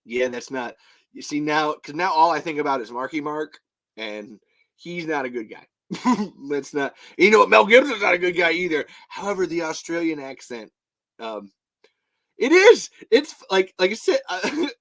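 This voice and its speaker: A man's voice: on the high side, expressive, moderate pace, a bit bright. An American man hosting a podcast in casual chat, rambling with restarts, swearing and laughing often. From United States. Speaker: podcast host.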